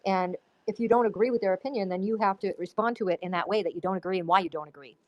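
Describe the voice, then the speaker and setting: Host: woman, mid-pitched, calm even-handed moderator of a live voice chat. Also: racing, lo-fi sound. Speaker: host of an audio chat room.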